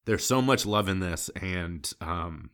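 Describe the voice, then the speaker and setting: Deep-voiced male podcast host, tearful and halting. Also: expressive, fairly bright tone. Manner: choked up, halting, with repeated restarts. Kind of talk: emotional closing monologue.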